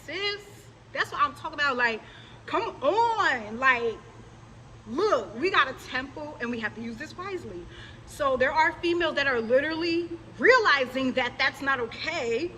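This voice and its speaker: Bright, scolding woman ranting at viewers. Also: high-pitched, a little hiss or hum, poor audio. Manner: scolding, confrontational, mocking. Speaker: religious vlogger. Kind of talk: direct-to-camera rant.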